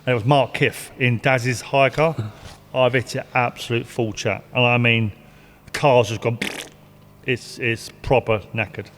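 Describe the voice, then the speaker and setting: A man's voice: medium pitch, fairly even intonation, a little slow, fairly bright tone, a little hiss or hum. An older man, a retired stock car driver, telling rambling racing stories with laughs and swearing. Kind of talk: casual storytelling interview. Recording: long hall reverb.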